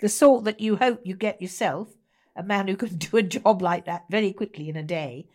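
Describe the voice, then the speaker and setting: A woman guest, an actor and writer, telling stories in animated conversation with a theatrical, emphatic manner. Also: medium pitch, normal speed.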